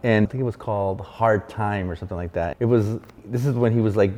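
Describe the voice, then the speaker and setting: A man guesting on a casual chat, telling a story with animated energy and plenty of swearing, and acting out other people's lines. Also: fairly low pitch, quick pace. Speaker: guest graffiti artist. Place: large arts venue room. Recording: echoey hall.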